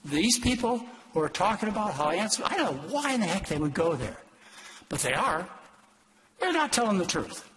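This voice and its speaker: An older man, a doctor, lecturing an audience in an emphatic, exhortative way with sudden leaps in pitch. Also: big pitch swings, normal speed, fairly bright tone, low-quality recording. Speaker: doctor giving a talk.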